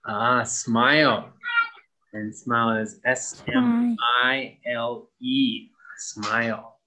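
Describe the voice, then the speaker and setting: A man teaching English to young pupils, spelling out words letter by letter and repeating each word clearly for practice. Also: mid-range voice, expressive, extremely slow, sharp tone. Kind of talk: slow, clear classroom instruction.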